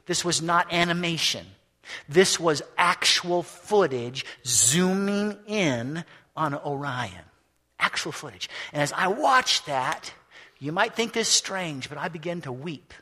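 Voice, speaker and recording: A man preaching a sermon, telling the story with animation, acting out voices and shouting at its peaks. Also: a little high, animated, slow.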